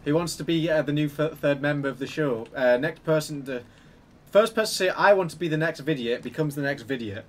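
A man's voice: fairly high pitch, a little fast. A man co-hosting a live game stream, joking and self-deprecating, talking on a headset mic. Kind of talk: casual chat while playing. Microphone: gaming headset.

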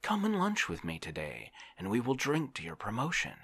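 A man voicing a lazy, reflective gentleman in a whispered role-play, musing in a mildly weary way. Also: mid-range voice, wildly swooping pitch, normal speed, husky, voice pushed up, full character voice.

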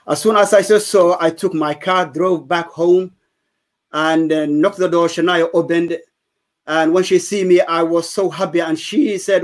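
Earnest man, slightly high. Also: fairly even intonation, moderate pace. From Somalia. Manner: earnest, emphatic storytelling. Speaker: guest giving testimony. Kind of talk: personal testimony.

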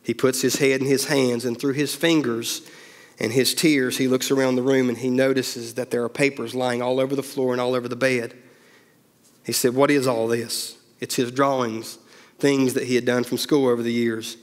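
A man's voice: medium pitch, flat delivery, normal speed, in a large hall. A male pastor telling a story as part of a sermon, acting out each character's lines.

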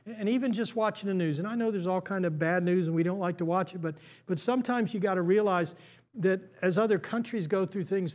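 High-voiced American man preaching a sermon. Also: a little mellow. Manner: conversational, many restarts and stammers. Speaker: pastor.

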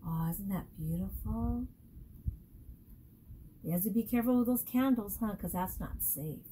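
A woman teacher reading a picture book aloud to young children, stopping often to ask them questions in an animated, coaxing way. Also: medium pitch, a little slow, pauses often, a little hiss or hum, rough recording.

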